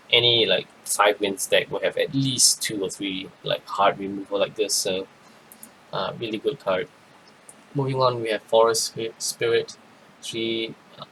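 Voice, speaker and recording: A man giving a rambling, casual card game review, tired and yawning, with many pauses and restarts. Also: lowish voice, fairly bright tone, slight background noise, low-quality recording. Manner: rambling, lots of ums and restarts. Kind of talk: casual commentary.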